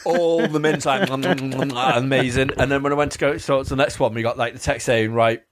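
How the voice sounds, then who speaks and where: A young man in casual chat, telling an animated story and jumping into the voices of the people in it. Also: mid-range voice, moderate pace.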